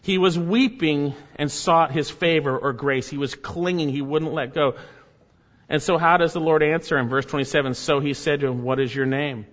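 A man preaching a sermon, asking rhetorical questions and repeating key phrases, his voice swinging from high and loud to low and quiet. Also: fairly even intonation, normal speed. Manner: repeats key phrases, rhetorical questions, rises and drops sharply in pitch and volume. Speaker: pastor. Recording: dull sound in a hall with long echo.

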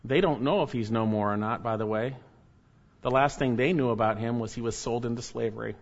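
A male preacher reads scripture aloud and then breaks in with emphatic commentary and pointed rhetorical questions. His voice sits at an ordinary middle pitch. The recording sounds a little dull and muffled. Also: fairly quick. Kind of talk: expository sermon.

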